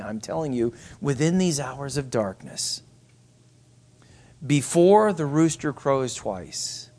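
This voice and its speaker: A man preaching a sermon as pastor, emphatic and repetitive, sometimes dropping to soft asides. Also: a little high.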